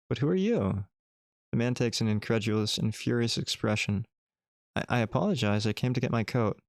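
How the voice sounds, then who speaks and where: Male streamer narrating a text adventure with playful asides; gravelly, dry. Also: mid-range voice, no room sound. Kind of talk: reading a text adventure game aloud.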